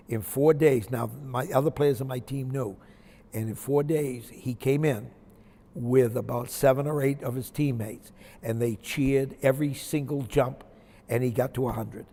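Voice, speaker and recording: Older coach telling stories in a hall. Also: male voice, medium pitch, fairly even intonation, moderate pace, warm tone. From Maine, USA. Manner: anecdotal, folksy, reflective. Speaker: retired basketball coach. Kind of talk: interview storytelling.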